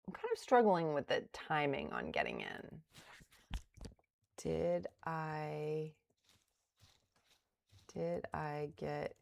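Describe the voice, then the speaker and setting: Woman, middle-aged, low voice, unhurried, self-deprecating, casual livestream chat. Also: darkish tone. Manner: self-deprecating, laughs at her losses. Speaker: day trading livestreamer.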